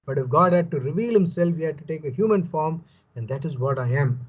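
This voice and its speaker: A man's voice: a little high, animated, brisk, husky, lo-fi sound. A man teaching a Bible passage in an emphatic way, repeating key phrases and checking with "no?" for agreement. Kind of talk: scripture teaching talk.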